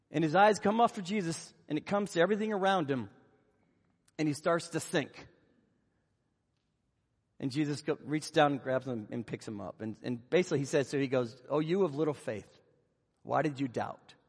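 A man delivering a sermon and retelling Bible scenes with animated storytelling. His voice sits high and has a husky edge. The sound rings with the long reverb of a large hall. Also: normal speed, long pauses. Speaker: preacher.

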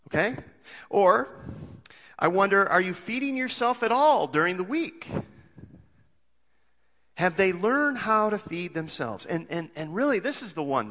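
A man's voice: high-pitched, bright, forceful tone, long reverb tail. A male pastor preaching a sermon in a conversational way, full of rhetorical questions and homely jokes.

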